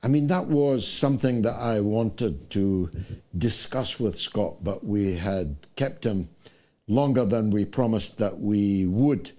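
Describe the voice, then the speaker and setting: A man's voice: on the low side, slow, dark tone. An older man from the United Kingdom hosting a talk show. He delivers an indignant monologue full of rhetorical questions. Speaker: host.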